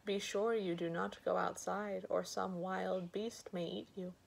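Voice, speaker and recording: Female storyteller, bedtime reading, unhurried pace, gravelly texture. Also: fairly low pitch, flat delivery, rough recording. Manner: slow, gentle reading with lightly voiced characters.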